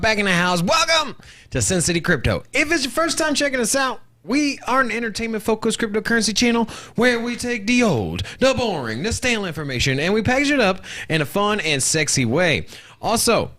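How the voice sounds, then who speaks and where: A man co-hosting a live show from a studio, joking loudly and giving playful shout-outs. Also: high-pitched. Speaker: co-host of a live crypto show. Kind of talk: hype livestream banter.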